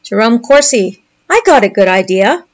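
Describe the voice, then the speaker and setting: A woman's voice: a little high, big pitch swings, normal speed. Sarcastic woman reading posts aloud. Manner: sarcastic, mocking. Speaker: commentator.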